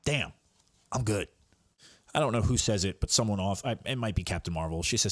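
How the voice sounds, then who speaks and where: A man's voice: low voice, moderate pace, long pauses, no room sound. A man hosting a comics podcast, recapping issues in a rambling, casual way. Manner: rambling, with restarts and fillers.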